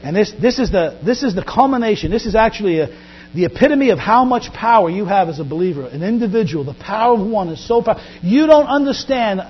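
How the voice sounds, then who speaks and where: A man preaching a sermon as pastor, animated, often acting out Bible scenes in quoted voices. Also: sits high, fast talker. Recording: dull lo-fi recording with faint mains hum.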